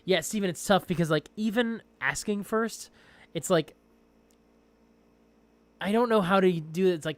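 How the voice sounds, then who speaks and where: A young man chatting casually on a livestream as a game master, rambling and excitable. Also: fairly high pitch, moderate pace, smooth.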